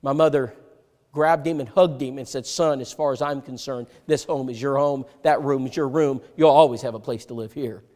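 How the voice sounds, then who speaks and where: A man preaching a sermon, telling a personal story and acting out the dialogue, swinging from loud to hushed. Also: mid-range voice, normal speed. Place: church sanctuary. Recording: long hall reverb.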